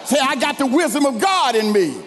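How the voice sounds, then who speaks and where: A man preaching a sermon, leading the congregation in call-and-response and building to shouted lines. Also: very high voice, animated, a little fast, soft background music. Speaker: pastor. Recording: long hall reverb.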